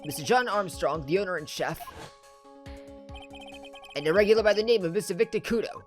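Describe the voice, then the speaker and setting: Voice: medium pitch, brisk, soft background music, natural voice. A player voicing a bumbling male police detective in a game, with an attempted Brooklyn accent and a stammering, apologetic manner. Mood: flustered. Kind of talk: reading game dialogue aloud.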